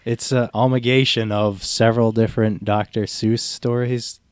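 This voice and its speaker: A young man talking on a radio show in a low-key, smooth, somewhat monotone way. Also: moderate pace, no echo. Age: young adult. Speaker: news segment regular. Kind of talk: casual radio chat.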